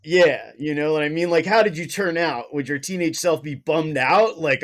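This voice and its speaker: A man's voice: fairly high pitch, moderate pace. Casual, jokey podcast co-host man. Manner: casual, swears freely, jokey. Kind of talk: casual conversation.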